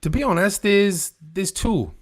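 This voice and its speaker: A British man co-hosting a band podcast over a video call, talking in a relaxed, hesitant way with many pauses. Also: high-pitched. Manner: relaxed, hesitant, lots of ums. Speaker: podcast co-host. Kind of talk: casual chat.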